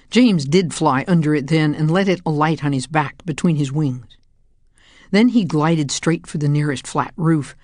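A woman narrating a children's audiobook in a calm, measured way. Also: deep voice, no room sound, studio quality.

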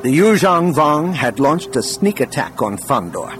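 A man narrating an audiobook in an expressive, scripted reading style. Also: fairly high pitch, unhurried, noisy background.

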